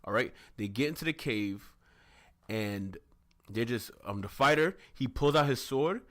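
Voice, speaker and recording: A man's voice: medium pitch, lively intonation, measured pace, a bit bright. A man co-hosting a podcast, casually recapping an anime episode and acting out scenes with silly voices. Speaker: podcast co-host.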